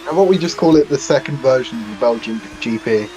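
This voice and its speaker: A man's voice: mid-range voice, animated, quick pace, darkish tone, slight background noise, low-quality recording. A man co-commentating a sim race in a casual, teasing way, with some hesitant restarts.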